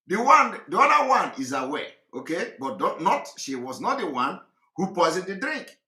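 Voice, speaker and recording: A man's voice: sits high, big pitch swings, sharp tone, echoey room. A man giving emphatic, repetitive commentary on a clip during a live broadcast. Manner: drawn-out, repetitive preaching delivery.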